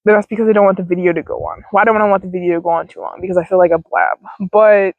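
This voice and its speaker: A woman's voice: lowish voice, steady tone, rapid-fire, no echo, phone-quality sound. A young woman vlogging outdoors in a field, giving casual mindfulness advice in a chatty, rambling way with casual swearing, recorded on a handheld phone. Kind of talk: casual rambling self-help talk.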